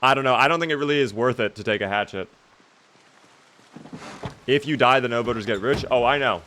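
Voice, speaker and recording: A man's voice: mid-range voice, fairly quick, bright, forceful tone, slight background noise. A young man streaming a zombie survival game, chatting casually and reading out viewer questions to answer them. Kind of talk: casual gameplay commentary reading chat.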